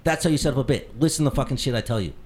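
A man hosting a casual podcast, ranting loudly with mock anger and lots of swearing. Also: medium pitch, very fast. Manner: profane, loud mock-angry rants. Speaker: podcast host.

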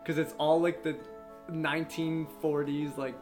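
A man's voice: fairly high pitch, level tone, unhurried. A young man casually chatting as a podcast co-host, loose and laid-back, swearing and doing bits. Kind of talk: casual chat. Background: guitar music.

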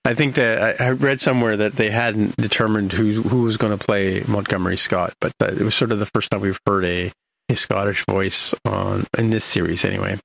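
Gravelly older man rambling through a recap. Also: fairly low pitch, steady tone, fairly quick, a bit bright, a little hiss or hum, rough recording. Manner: rambling, many fillers and restarts. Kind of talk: casual episode recap.

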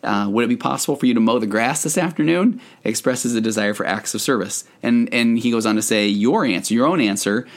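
A man's voice: mid-range voice, fairly quick, few pauses. A man in his forties, a marriage therapist hosting a casual podcast, telling stories in a chatty way with many fillers.

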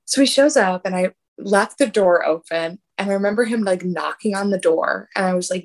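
Young woman, casual storytelling, animated, laughs often, acts out quotes. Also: medium pitch, moderate pace, rough recording. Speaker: guest telling a story.

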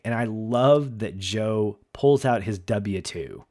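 A man's voice: fairly low pitch, moderate pace, a little mellow, a little hiss or hum. A man from the American South, co-hosting a podcast and chatting enthusiastically about a TV show, laughing often. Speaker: podcast co-host. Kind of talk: casual chat recapping a TV show.

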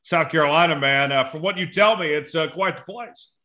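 A man hosting a podcast, asking questions in a casual, halting way with many fillers. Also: on the high side, sharp tone. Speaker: podcast host.

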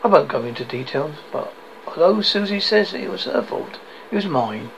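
A man's voice: on the high side, expressive, normal speed, creaky, fairly bright tone, a little hiss or hum, poor audio. A man reading the lines of a worried young man who plays his troubles down, in a storybook reading. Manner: plays things down.

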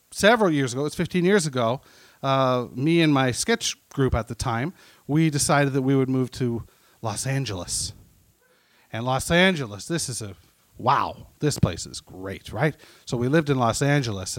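A man hosting a live comedy night on a stage mic, telling halting pun-based one-liners. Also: medium pitch, dry recording. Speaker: comedy show host. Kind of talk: stand-up emcee. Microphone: stage microphone.

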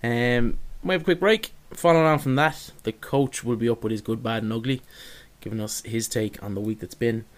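A man hosting a casual sports podcast, introducing segments with frequent pauses and "um"s. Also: mid-range voice, steady tone. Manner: runs the show, with frequent "um"s. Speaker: podcast host.

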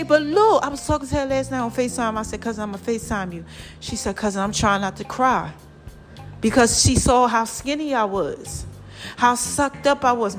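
Animated woman vlogger chatting to viewers. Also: on the high side. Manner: animated, preachy, addresses viewers as y'all and child. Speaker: vlogger sharing a health testimony. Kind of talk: casual chat to viewers.

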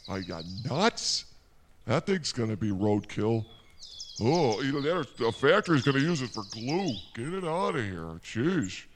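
Man, comedy host, exasperated rambling rants, slow pace, outdoors, faint noise. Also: mid-range voice, very animated. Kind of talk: comic outdoor monologue. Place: forest preserve outdoors.

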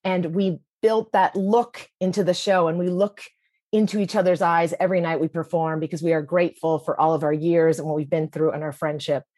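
A woman's voice: on the low side, steady tone, a little fast, a little mellow, no room sound, studio quality. A woman telling a personal story in a vivid, comic, present-tense way. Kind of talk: personal story told to an audience.

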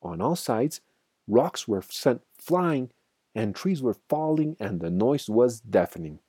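Guy reading a kids story, lively up and down, dark husky voice. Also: medium pitch, slow, no room sound, studio quality. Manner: expressive, dramatic.

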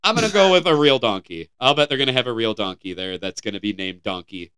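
Young American podcast co-host, bright and crisp voice, jokey headline reader. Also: male voice, mid-range voice, animated, quick pace. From United States. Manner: joking, stumbles over words while reading. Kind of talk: casual podcast chat, reading headlines.

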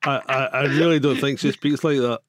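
A man co-hosting a chat, tipsy and laughing through slow banter. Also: mid-range voice, steady tone, no echo. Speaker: co-host.

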